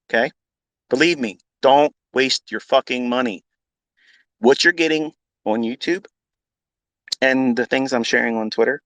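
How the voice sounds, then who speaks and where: A man's voice: mid-range voice, fairly bright tone, dry recording, low-quality recording. Blunt, profane male trading mentor. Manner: blunt, swearing, repetitive, emphatic. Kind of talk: unscripted profane rant.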